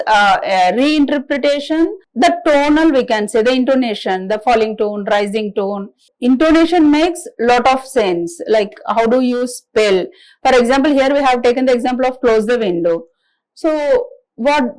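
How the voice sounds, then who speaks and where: A woman giving a recorded classroom lecture in a halting, explanatory way, with frequent restarts. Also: high-pitched, a little mellow, rough recording. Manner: halting explanatory delivery, many restarts and fillers.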